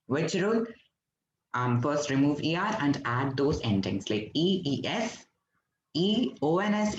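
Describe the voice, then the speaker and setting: A man's voice: medium pitch, a little hiss or hum. A man from India teaching a French lesson to an online class, patiently explaining step by step and quizzing his students. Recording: roomy, dull lo-fi recording.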